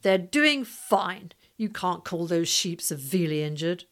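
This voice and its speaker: A big, blunt father in a storybook, skeptical and dismissive. A woman voices him in a low register. He speaks with plain certainty. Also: lively intonation, unhurried.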